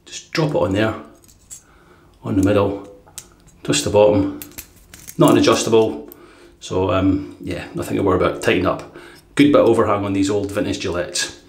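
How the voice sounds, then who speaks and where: A man's voice: on the low side, steady tone, moderate pace, vocal fry, long pauses, reverberant. A man hosting a shaving channel, chatting casually and rambling with many fillers as he reviews his gear. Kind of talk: casual product review vlog.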